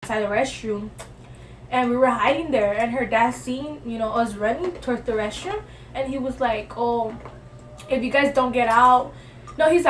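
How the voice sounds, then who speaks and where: A young woman telling a story in an animated, slangy way, acting out what people said. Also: on the high side, moderate pace. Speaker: guest storyteller. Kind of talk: casual storytelling. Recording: off-mic voice with faint noise.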